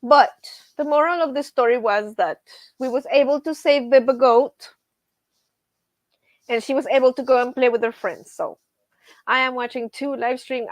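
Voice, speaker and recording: This livestream host, raised on a ranch, chats casually, reading her viewers' comments aloud and telling lively stories punctuated by laughter. She has a fairly high voice, with no echo in the audio.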